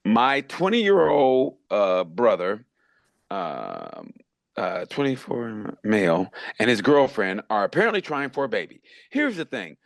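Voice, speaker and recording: A man's voice: lowish voice, wildly swooping pitch, a little slow, creaky, no room sound, studio quality. A man co-hosting a comedy podcast, telling profane stories in casual chat and laughing often. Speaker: podcast co-host.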